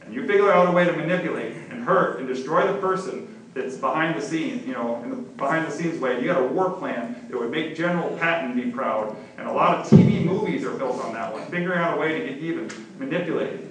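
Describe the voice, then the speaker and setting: A man's voice: a little high, brisk, hardly any pauses, a little hiss or hum. Middle-aged guy preaching, chatty and jokey, echoey church sound far from the mic. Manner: conversational, humorous preaching. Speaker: pastor. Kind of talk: sermon.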